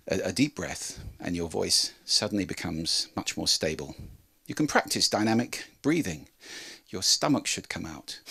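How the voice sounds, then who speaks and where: Animated man giving a voice talk. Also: gravelly, breathy edge. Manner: lively, demonstrative, varies pitch and volume to show a point. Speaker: speaker on voice and communication. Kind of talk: presenting a talk to an audience.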